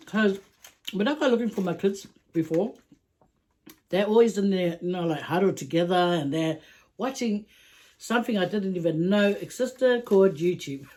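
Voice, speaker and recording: Chatty, giggly woman vlogger, slightly low. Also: darkish tone. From Samoa. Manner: chatty, laughs often, stretches words. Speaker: YouTube vlogger. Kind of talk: casual mukbang chat answering viewer questions.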